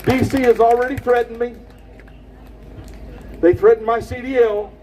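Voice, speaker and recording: A man giving an impassioned rally speech outdoors, preaching and shouting at the crowd. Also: very high-pitched, steady tone, normal speed, recorded from a distance, background noise. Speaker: rally speaker.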